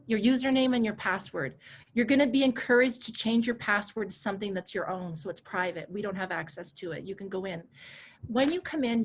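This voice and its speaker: A woman in her forties teaching a live online coaching class over a video call, chatty and animated, laughing easily and repeating herself. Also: a little high. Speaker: coach and course instructor.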